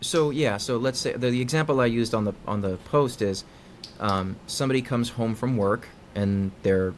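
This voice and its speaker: A man, a psychologist being interviewed, explaining in a conversational way and acting out quoted dialogue with lively inflection. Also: medium pitch, moderate pace, a little hiss or hum. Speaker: guest psychologist.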